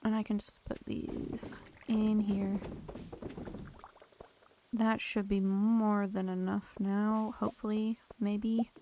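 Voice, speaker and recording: A woman's voice: medium pitch, flat delivery, slow, pauses often, mellow, slight background noise. A young woman streaming a game, chatting casually and thanking viewers by name as she plays. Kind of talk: casual live-stream chat.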